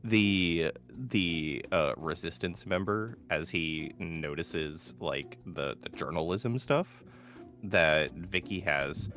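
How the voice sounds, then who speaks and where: A man's voice: deep voice, takes it slowly, a bit bright, faint music behind. A man running a tabletop game as game master, narrating with lots of fillers and restarts. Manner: rambling, many fillers and restarts.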